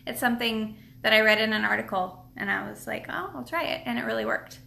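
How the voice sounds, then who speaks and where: Chatty woman doing a live stream tutorial at her table, rambly, lots of ums, bright edgy voice. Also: on the high side, little pitch movement, quick pace, creaky, a little hiss or hum. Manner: chatty, rambling, many fillers and restarts. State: a bit out of breath. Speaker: nail product seller and live stream host. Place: at home, seated at a table.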